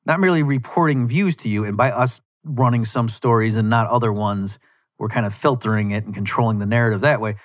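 A man's voice: mid-range voice, brisk. A male podcast host delivers a loose solo rant in an ordinary mid-range voice. He is sarcastic and rambling, doubling back on his words and interrupting himself as he goes. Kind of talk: casual monologue rant.

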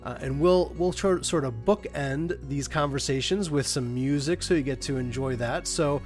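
A man's voice: fairly high pitch, normal speed, a little mellow. Sick-sounding guy hosting his podcast from a home studio, stuffy nasal voice, faint music under him. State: congested, nasal from illness. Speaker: podcast host.

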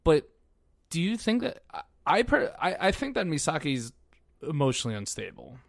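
A man co-hosting a podcast, chatting in an animated way and sometimes dropping to a mutter. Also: on the high side, moderate pace, gravelly, no echo, clean studio sound. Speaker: podcast co-host. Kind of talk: casual chat.

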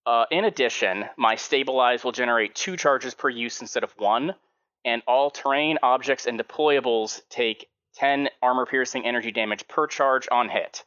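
Give me a bright-toned man explaining game rules, slightly dull lo-fi sound. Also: mid-range voice, normal speed. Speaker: player. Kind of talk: tabletop game play.

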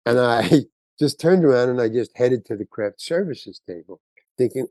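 An older man appearing as a guest actor on an interview show tells a long story, lively and playing out the voices of those involved. His pitch is medium and his speed normal, with no echo.

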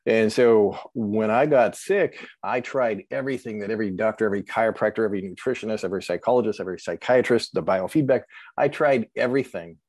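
A man telling his own life story as a podcast guest, halting and earnest, with many pauses and restarts. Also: on the low side, darkish tone, no room sound. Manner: halting, with many ums and self-corrections. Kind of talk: emotional personal storytelling.

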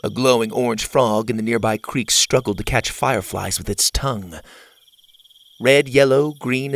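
A man narrating a children's adventure story in a lively storytelling manner. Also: fairly low pitch.

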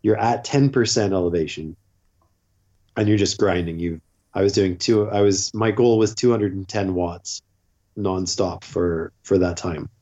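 A man's voice: deep voice, measured pace, dark tone, muffled recording. A man guest telling a long story in a casual, rambling way, full of fillers. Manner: rambling, filler-heavy with frequent "like".

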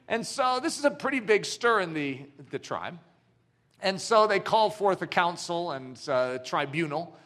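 A man's voice: high-pitched, expressive, moderate pace, sharp tone. A man preaching a sermon, telling a story dramatically and asking his audience questions. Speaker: pastor.

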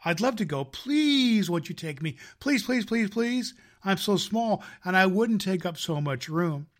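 A man's voice: high voice, lively intonation, moderate pace, voice pushed up. A man voicing a small, eager little girl who pleads sweetly to be taken along. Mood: pleading.

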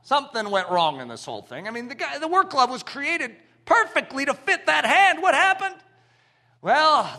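A man preaching a sermon, emphatic, swinging from shouted lists to hushed lines. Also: high-pitched.

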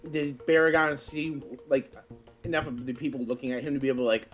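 A man's voice: medium pitch, steady tone, fast, soft background music. A man playing a tabletop game, talking casually and rambling with many likes. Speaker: player.

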